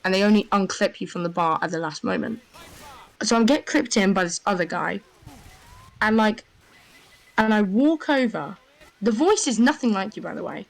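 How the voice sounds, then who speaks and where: A young woman telling a rambling, excitable story in casual voice chat, full of fillers. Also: mid-range voice, normal speed, creaky, long pauses, rough recording. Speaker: gamer.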